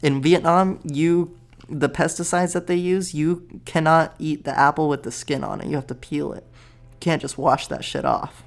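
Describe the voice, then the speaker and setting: A man's voice: on the high side, gravelly. A man talking in a rambling, laid-back vlog monologue, casually profane. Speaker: vlogger.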